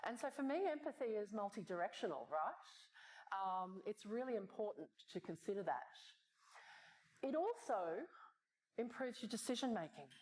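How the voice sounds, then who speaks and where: Lively woman keynote speaker, conversational and animated, mid-range voice. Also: mid-range voice, normal speed. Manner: animated, conversational, frequent rhetorical "right?". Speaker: conference speaker. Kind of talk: keynote talk. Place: conference stage.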